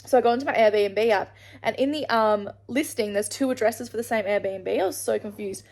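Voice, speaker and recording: This Australian woman's voice sits on the high side and is a little mellow, moving at a moderate pace. Talking to camera for her vlog, she wanders through a travel tale, cursing liberally and breaking off to start sentences over.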